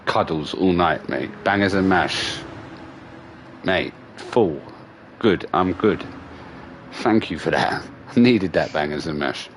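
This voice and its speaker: Middle-aged guy hosting a gaming stream, lowish voice, swears a lot, loose chatty stories, faint noise behind. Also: slow. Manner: swearing, animated storytelling with slang. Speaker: gaming livestream host. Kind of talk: casual chat.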